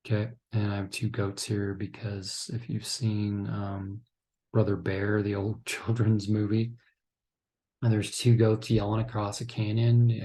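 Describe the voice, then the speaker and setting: In an unhurried, mellow manner, a man with a lowish voice and little pitch movement teaches counselors in a recorded training lecture. He voices couples' quoted lines himself and keeps pausing to ask "okay?" as he instructs.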